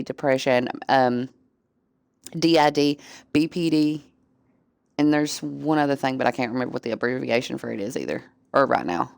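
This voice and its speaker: A woman's voice: rumbling low, vocal fry, clean tone, no echo. A woman streamer chatting casually with her viewers, candid and profane, often laughing. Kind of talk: casual chat.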